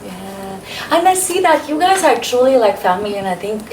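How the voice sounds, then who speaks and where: Upbeat woman asking interview questions, kinda high voice, echoey and far from the mic. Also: sing-song, moderate pace, a little mellow, slight background noise. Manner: upbeat, encouraging, laughs often.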